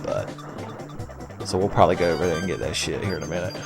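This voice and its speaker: A man's voice: sits low, lively intonation, quick pace, vocal fry, music in the background. A young man hosting a let's play, giving casual gameplay commentary full of sarcastic, profane, rambling jokes.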